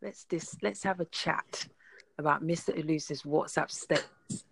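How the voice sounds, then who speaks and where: A woman's voice: low voice, a little slow, vocal fry, husky. A woman hosting a casual podcast, chatty and teasing, laughing often. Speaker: podcast host.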